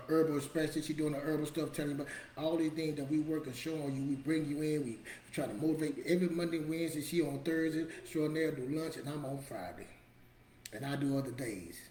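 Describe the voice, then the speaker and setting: A man's voice: fairly high pitch, dark tone, slight background noise. Emphatic middle-aged man in a roomy space. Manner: emphatic, repetitive, colloquial, preachy. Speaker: motivational show host. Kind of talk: casual motivational talk. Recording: roomy echo with faint ambience.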